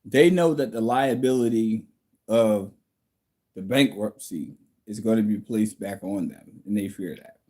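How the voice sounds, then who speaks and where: A man's voice: fairly low pitch, measured pace, darkish tone. A man hosting a casual livestream from home, reading viewer comments and answering them bluntly, like a lecture.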